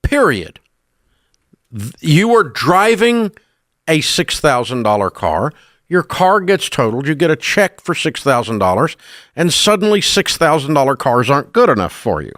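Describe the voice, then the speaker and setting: A man's voice: a little high, very animated, moderate pace, a bit bright, no room sound, studio quality. A man in his sixties with a Southern American accent, hosting a call-in radio show in a blunt, emphatic, scolding way.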